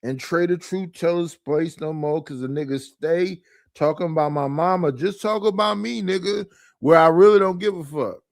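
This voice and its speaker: Guy ranting on his stream at home, aave, kinda high voice, dry mic, exasperated and cussing. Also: normal speed, vocal fry, dry recording. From Oakland, California. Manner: exasperated, rhetorical, profane. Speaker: livestream host. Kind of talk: casual livestream rant. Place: his living room.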